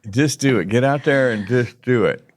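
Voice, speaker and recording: A man's voice: medium pitch, moderate pace. A man co-hosting a casual faith-based podcast, talking earnestly with many restarts and emphatic urging. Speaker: podcast co-host.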